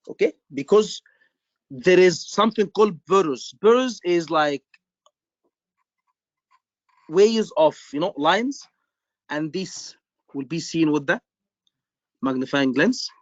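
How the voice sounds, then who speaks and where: High-voiced man quizzing students. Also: dry recording, muffled recording. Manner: repetitive, quizzing students, emphatic. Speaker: medical exam tutor. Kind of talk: live online lecture.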